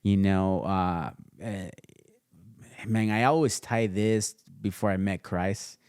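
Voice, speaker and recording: A man guest on a casual podcast, telling his story in a relaxed way with many fillers and restarts, recorded at his home studio. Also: low-pitched, takes it slowly, smooth, dry recording. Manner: laid-back, storytelling with lots of fillers and restarts. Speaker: podcast guest, custom sneaker entrepreneur.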